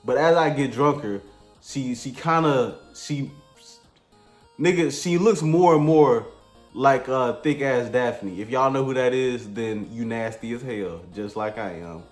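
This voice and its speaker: A man's voice: mid-range voice, measured pace. A man telling a crude comedic story in a laid-back, slangy, rambling way. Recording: echoey room with faint music.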